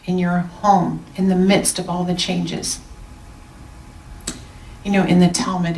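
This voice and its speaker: A woman minister giving a gentle, reflective Sunday sermon with slow, soft pauses. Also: on the low side, creaky, slight background noise. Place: church sanctuary. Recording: roomy sound, mic at a distance.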